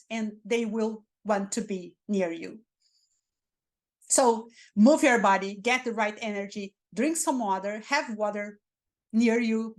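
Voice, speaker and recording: A woman with a Spanish accent, a native Spanish speaker, giving interview coaching and acting out dull and excited ways of talking. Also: mid-range voice. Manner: animated, demonstrates dull and excited delivery. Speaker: career mentor.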